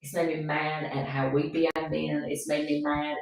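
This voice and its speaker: A middle-aged woman with a low voice hosts a podcast in earnest conversation, stressing her points by repeating them. She sits back from the microphone in a very echoey room. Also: flat delivery, normal speed, vocal fry. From Appalachian North Carolina. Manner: earnest, repeats herself for emphasis. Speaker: podcast host. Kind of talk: emotional casual conversation. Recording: echoey room, far from the mic.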